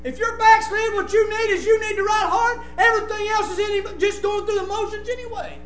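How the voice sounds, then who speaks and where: A man preaching a sermon, impassioned and often breaking into shouts. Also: very high voice, steady tone, fairly quick, reverberant, faint music behind.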